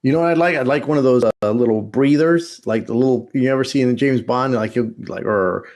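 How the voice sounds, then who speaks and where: A man's voice: mid-range voice, fairly quick, a little mellow. A man co-hosting a podcast in casual chat, laughing often and restarting his sentences. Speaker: podcast co-host.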